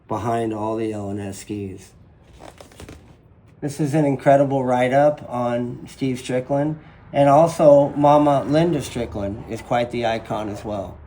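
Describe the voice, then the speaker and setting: This interview guest, a retired jet ski racer in his fifties, talks in a mid-range voice with a Southern US accent; he hails from southern Louisiana and grew up in Nevada. Telling animated stories in his living room, he acts out quoted voices in a casual interview. Faint ambience fills the roomy home space.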